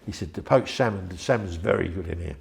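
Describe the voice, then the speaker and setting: A man's voice: deep voice, fast talker, creaky, slight background noise. An older man, telling a rambling, chatty story in an interview and acting out the voices of the people in it. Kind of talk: anecdotal storytelling.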